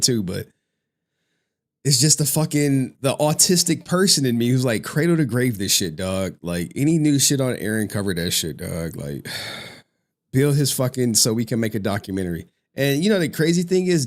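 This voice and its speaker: A male streamer with a mid-range voice hosts a casual chat. He talks in an animated, profane way and repeats other people's phrases back.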